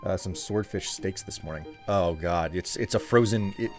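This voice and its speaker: A man from the United States with a fairly low voice, chatting casually on a live stream. He rambles and rants in loose, run-on sentences while answering his viewers. Faint game music plays behind him. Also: moderate pace, darkish tone. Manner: rambling, ranting, talks back to chat.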